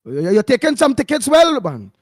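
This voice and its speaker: A high-voiced Trinidadian man hosts a call-in radio show, bantering with callers in easy local dialect. The sound is close and dry, with no room echo at all. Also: huge pitch swings, moderate pace. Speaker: radio talk show host.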